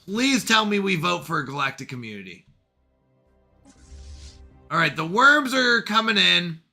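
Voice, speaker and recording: Game-streamer guy, high, very bright voice, lively pitch, self-scolding commentary. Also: a little slow, gravelly, faint music behind. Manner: animated, scolds himself over mistakes. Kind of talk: let's play commentary.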